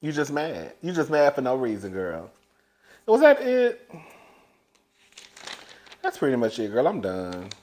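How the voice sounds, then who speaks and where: A man giving a casual, sassy recap of a reality show, laughing often and calling his viewers "girl" while swinging between loud and hushed. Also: medium pitch, animated, normal speed, few pauses.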